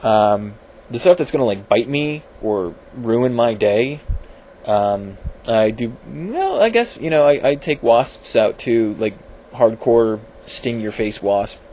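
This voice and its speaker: Amateur science vlogger, man, mid-low voice, self-deprecating and full of restarts, animated swings in pitch. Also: takes it slowly, slight background noise. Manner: rambling, self-deprecating, lots of fillers and restarts. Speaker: video blogger. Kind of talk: casual science vlog. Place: home, at his computer.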